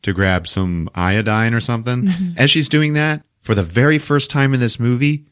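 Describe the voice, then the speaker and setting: A man's voice: mid-range voice, animated, normal speed, clear, resonant tone. A man hosting a podcast, recapping a movie in casual, profane talk, laughing often and acting out scenes. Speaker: podcast host.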